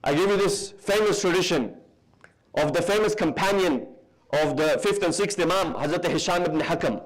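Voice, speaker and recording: A man from the UK with a fairly high voice preaches a sermon in a large hall. He tells his story with lively emphasis and slows down to stress key points. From United Kingdom. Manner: lively, slows for emphasis, mixes in Arabic terms.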